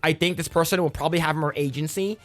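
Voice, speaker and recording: A young man ranting in casual reaction commentary, profane and animated, sometimes quoting friends in put-on voices. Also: fairly high pitch, quick pace.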